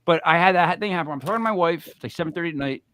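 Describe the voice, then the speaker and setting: A man with a Rhode Island accent, co-hosting a podcast and telling stories in an animated, casual way. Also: fairly high pitch, very fast, no echo. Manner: animated storyteller, mimics voices. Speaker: podcast co-host. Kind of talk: casual chat.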